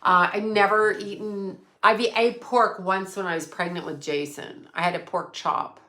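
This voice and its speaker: A woman with a bright, forceful voice hosts a casual livestream and talks directly to her chat. She rambles from one story to the next and swears freely, at an average pitch. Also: steady tone, moderate pace. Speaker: psychic medium livestream host.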